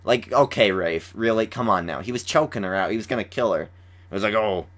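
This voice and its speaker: A man's voice: lowish voice, brisk. A young man hosting a casual podcast chat, rambling through an episode recap with lots of "like.". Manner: rambling, says "like" often, animated retelling. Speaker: podcast host.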